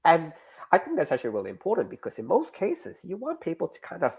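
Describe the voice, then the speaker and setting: Animated Australian man explaining his writing. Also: fairly high pitch, fast talker, creaky, breathy edge. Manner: animated, acts out dialogue examples. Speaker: guest creator. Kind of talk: casual interview chat.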